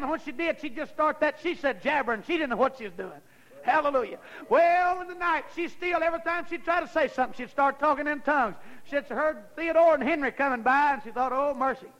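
A man's voice: very high-pitched, a bit bright, muffled recording. A man preaching a sermon, telling a folksy story that rises into fervent preaching.

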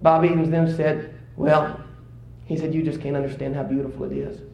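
A man's voice: moderate pace, creaky, highs cut off. Echoey preacher man telling a story. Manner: storytelling, rising to excited high-pitched exclamations. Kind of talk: sermon. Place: church service.

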